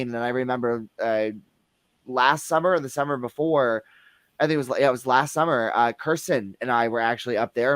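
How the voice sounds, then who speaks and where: A man's voice: medium pitch, a bit bright, dry recording. A man, a guest who works at a movie theater, chatting casually and telling stories with lots of fillers. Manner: rambling storyteller with many fillers. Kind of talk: casual podcast chat.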